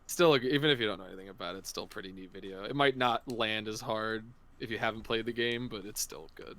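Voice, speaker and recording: A man's voice: lowish voice, fairly even intonation, quick pace, pushed and bright. A man riffing casually as a guest on a game stream, laid-back, rambling and a bit profane. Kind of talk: casual gameplay chat.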